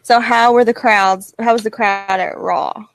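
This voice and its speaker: A woman co-hosting a podcast, asking questions and reacting in a relaxed way. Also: medium pitch, unhurried, dry recording, poor audio. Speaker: podcast co-host. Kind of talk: casual chat.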